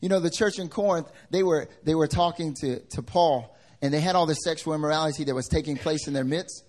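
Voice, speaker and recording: A young man preaching a sermon in a slightly raised voice. He swings between loud bursts and hushed asides. He acts out the people in his stories as he tells them. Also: on the high side, a little fast. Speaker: pastor.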